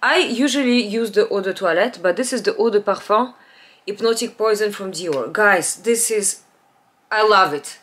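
Rambling woman chatting about perfumes. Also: moderate pace. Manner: rambling, with restarts and trailing off to a low, quiet voice. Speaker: beauty vlogger. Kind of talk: casual perfume haul chat. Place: home, natural light.

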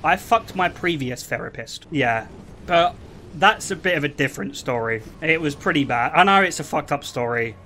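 A young man chatting on his stream, crude and joking and always breaking into laughter. His voice is bright and swings up and down a lot. He talks in a loose, casual way. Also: fairly high pitch, animated, moderate pace, slight background noise.

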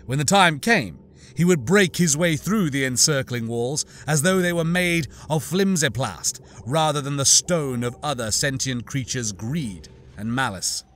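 A man narrating an audiobook in a measured, deliberate reading. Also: medium pitch, expressive, a bit bright.

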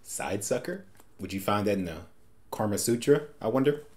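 A man's voice: lowish voice, expressive, normal speed, a little mellow. A man hosting a first-time movie reaction, making jokey, wisecracking asides. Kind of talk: casual reaction commentary.

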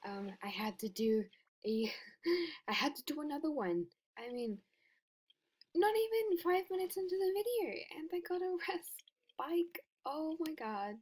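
A woman giving casual commentary over her gameplay, excitable and giggly, often dropping to a whisper. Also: sits high, unhurried. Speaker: game video creator.

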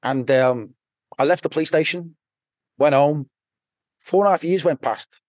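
A man's voice: a little high, moderate pace, darkish tone, no echo, clean studio sound. A man with a Liverpool accent, a podcast guest telling his story bluntly, rambling and swearing constantly. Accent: Liverpool (Scouse). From Liverpool, England. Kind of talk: casual storytelling.

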